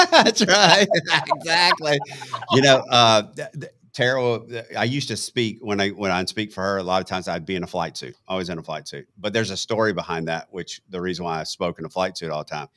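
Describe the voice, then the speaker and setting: A middle-aged man hosting a podcast, telling a conversational story as an animated storyteller who acts out the quotes. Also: on the low side, brisk. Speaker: podcast host.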